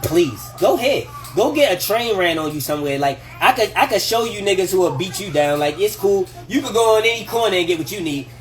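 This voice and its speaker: Speaking fairly quickly with hardly any pauses, this high-voiced man hosts a casual livestream from his home kitchen, offering relationship advice over soft background music. He's animated and profane, laughing often and acting out quoted voices.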